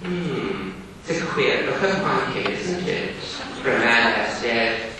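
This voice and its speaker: A man voicing an unflappable wandering tramp in a calm, dry way, heard from a distance in a reverberant hall. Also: mid-range voice, slow, background noise. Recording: echoey hall from far off.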